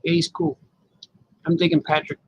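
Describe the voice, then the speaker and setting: Brief: a man with a gravelly voice chatting loosely with his audience while he draws, a faint hiss behind him. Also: a little high, very animated, moderate pace, a little mellow, muffled recording. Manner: rambling, talks to the viewers as he works. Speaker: cartoonist livestreaming his drawing. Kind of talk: casual live commentary while drawing.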